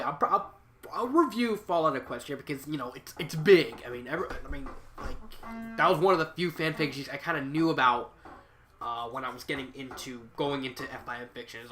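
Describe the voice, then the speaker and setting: Young male reviewer with a head cold; rambling and self-correcting; bright, slightly high voice. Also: normal speed. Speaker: fan fiction reviewer. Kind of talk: casual spoken review.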